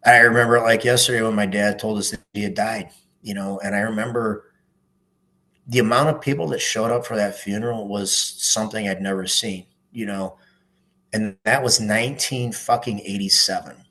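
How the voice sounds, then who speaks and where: Earnest middle-aged man, lowish voice. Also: fairly even intonation, moderate pace, pushed and bright, rough recording. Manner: earnest and emphatic, swears often, keeps adding "man". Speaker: podcast guest, former police officer. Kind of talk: casual conversational interview.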